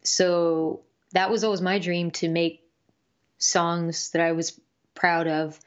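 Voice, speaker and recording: Musician guest, woman, low-pitched, hesitant and chatty, muffled lo-fi audio. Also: flat delivery, takes it slowly, clear, resonant tone. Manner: hesitant, many fillers and restarts. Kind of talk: casual interview talk.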